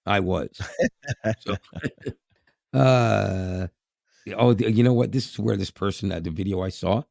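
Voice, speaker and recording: A man's voice: lowish voice, gravelly, darkish tone, dry recording, clean studio sound. A man, co-hosting a podcast in casual chat, laughing often and repeating words. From Canada. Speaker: podcast co-host.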